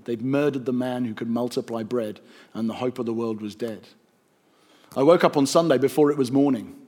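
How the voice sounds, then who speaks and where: A man narrating a rhyming story in a gentle, rhythmic storytelling manner. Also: medium pitch, slightly rough.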